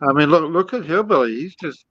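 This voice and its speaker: A man co-hosting a casual podcast, talking in a halting way with many fillers. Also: a little high, lively intonation, muffled recording. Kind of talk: casual chat.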